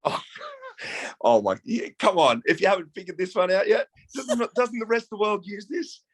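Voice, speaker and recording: A man with an Australian accent talks as an interview guest. His pitch swings widely and animatedly, with a fairly high voice, and he laughs often as he talks. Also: big pitch swings, moderate pace, no echo. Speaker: guest musician. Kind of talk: casual interview chat.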